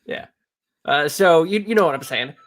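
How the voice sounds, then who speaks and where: Canadian guy, kinda high voice, rambling story w lots of uhs and likes. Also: animated, normal speed, a bit bright. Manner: rambling, laid-back anecdote telling with frequent fillers. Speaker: guest musician. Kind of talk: casual storytelling chat.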